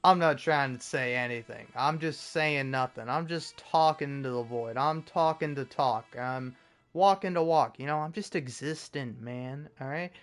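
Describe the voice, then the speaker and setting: A man's voice: mid-range voice, measured pace, fairly bright tone. A young man rambling sarcastically over a game, swearing often and stumbling over restarts. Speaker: gaming streamer. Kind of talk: sarcastic rambling commentary while gaming.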